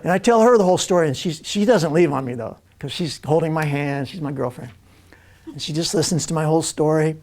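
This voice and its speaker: A man telling a personal story to a live audience, animated and laughing, acting out other people's lines as he goes. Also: fairly high pitch, fairly quick. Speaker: spiritual speaker.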